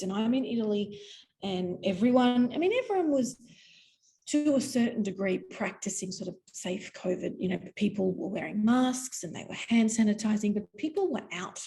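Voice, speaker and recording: An Australian woman, a podcast guest, telling a story in a lively, animated way and acting out voices. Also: medium pitch, rough recording. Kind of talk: storytelling interview.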